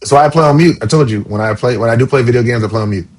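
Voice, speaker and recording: A man's voice: mid-range voice, racing. A man from Charleston, co-hosting a podcast in casual chat and explaining his views earnestly. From Charleston, South Carolina. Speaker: podcast co-host.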